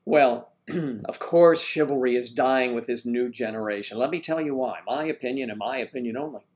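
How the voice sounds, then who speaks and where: Older man, host, casual chat, jokey, teasing, mid-pitched voice. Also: normal speed, a little mellow. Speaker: livestream host. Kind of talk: casual chat reading viewer comments.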